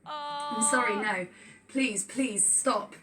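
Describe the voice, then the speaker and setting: A woman's voice: on the high side, slow, far from the mic. A woman in a band thanking the audience and introducing a song, in an apologetic, bubbly way. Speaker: band member. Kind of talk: casual stage talk to an audience.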